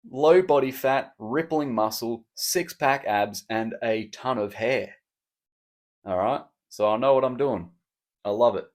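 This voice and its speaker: A man hosting a solo podcast, chatting in a rambling, cheeky, self-mocking way. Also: medium pitch. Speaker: podcast host. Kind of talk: casual solo podcast chat.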